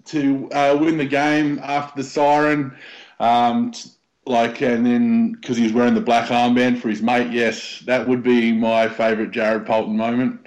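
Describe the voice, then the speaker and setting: A man's voice: mid-range voice, little pitch movement, measured pace, darkish tone, muffled recording. Rambling man chatting footy. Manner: rambling with many ums. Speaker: podcast co-host. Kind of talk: casual chat.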